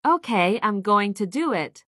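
A woman's voice: medium pitch, lively intonation, unhurried, a bit bright, dry recording, studio quality. A woman voicing Val, a shy teenage girl with a crush, in a Roblox roleplay. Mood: flustered.

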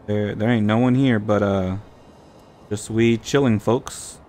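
Hosting a let's play, this man jokes around about the game and answers back to its characters. His voice is fairly low and a little mellow, his intonation fairly even, and his pace unhurried. There's slight background noise in the recording.

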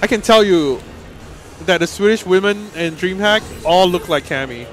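A man's voice: high voice, moderate pace, a bit bright, faint music behind. A young man chatting casually as a commentator at a gaming tournament, enthusiastic and easygoing. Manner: enthusiastic, easygoing, traveler's anecdotes.

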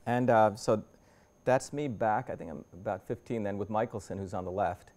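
A man's voice: fairly low pitch, normal speed, a little mellow. Man in his fifties giving a conversational lecture. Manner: conversational, walks through slides with frequent restarts. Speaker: invited guest speaker. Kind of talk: lecture to a university audience. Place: university lecture room.

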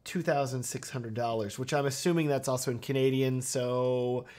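A man's voice: mid-range voice, steady tone, normal speed, a little mellow, slight background noise. Playful male live-stream host. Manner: playful, jokey, addresses chat directly. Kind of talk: casual live-stream chat.

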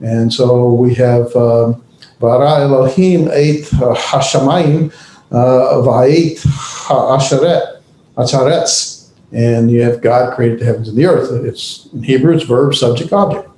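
A man teaching a class, speaking haltingly with many pauses and restarts. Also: mid-range voice, warm tone, roomy sound, slight background noise, poor audio. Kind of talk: classroom lecture.

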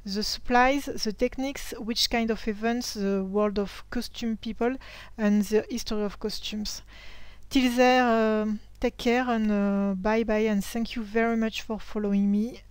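French-accented woman host, smooth clear tone, dry close sound, halting second-language delivery. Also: on the high side, steady tone, no echo. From France. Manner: hesitant, searching for words in a second language. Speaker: historical sewing channel host. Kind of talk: casual talk-to-camera tutorial.

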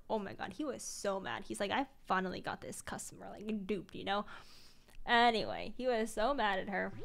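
A young woman streamer telling a story casually, acting out the quotes in a higher voice and laughing often.

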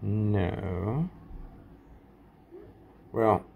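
A man casually rambling through a show-and-tell vlog about his collection, halting often with fillers and folksy sign-offs. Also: lowish voice, creaky, phone-quality sound, a little hiss or hum. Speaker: coin collecting vlogger.

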